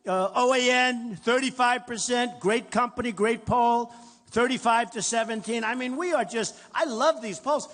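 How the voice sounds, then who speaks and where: In a reverberant hall with faint crowd noise, an older New York-accented candidate gives a rambling, bragging campaign speech to a big audience. He speaks at normal speed in a very high, somewhat bright voice.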